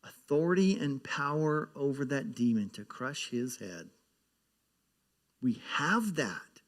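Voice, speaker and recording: A man's voice: mid-range voice, lively intonation, slow. A man giving a sermon as pastor, talking in a conversational way, often repeating words and growing emphatic as he preaches.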